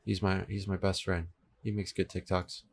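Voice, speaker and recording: A man's voice: deep voice, level tone, moderate pace, gravelly. A young man in his twenties talking casually on a livestream, chatty and laid-back, answering viewers' chat as he works. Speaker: livestreamer coding a game server. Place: home room with an air conditioner running. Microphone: desk microphone, switching between two.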